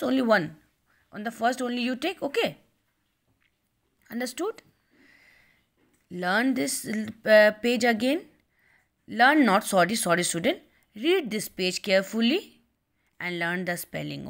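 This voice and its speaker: A woman teacher with an Indian English accent records a reading lesson at home for young children. Her voice sits fairly high and swings widely in pitch. She reads slowly, acts out the story's lines, and then explains each one in simple English. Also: very animated, creaky.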